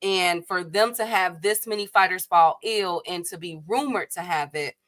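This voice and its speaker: A woman from Chicago hosts a casual boxing livestream, talking with the chat. Her voice is bright and sharp, recorded dry and close. She is chatty, laughs often and leans on fillers. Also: fairly low pitch, moderate pace, no room sound.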